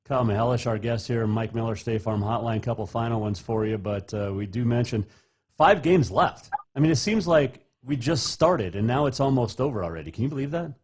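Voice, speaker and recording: Husky-voiced radio host asking questions. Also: male voice, mid-range voice, expressive, a little fast, a little mellow. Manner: casual, chatty questions with light laughs. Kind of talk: radio interview.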